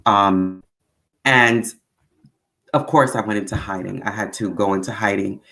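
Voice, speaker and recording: A woman with a Brooklyn accent telling stories as a guest, animated and full of acted-out quotes. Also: measured pace, creaky. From Brooklyn, New York. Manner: animated storyteller, acts out quotes with big pitch swings. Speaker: guest actor. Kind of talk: casual storytelling interview.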